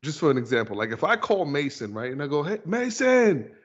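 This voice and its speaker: A man hosting a podcast, telling animated stories in casual chat and acting out other people's lines. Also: mid-range voice, fast. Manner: animated storyteller, acts out kids' voices. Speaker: podcast host. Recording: dull lo-fi podcast audio.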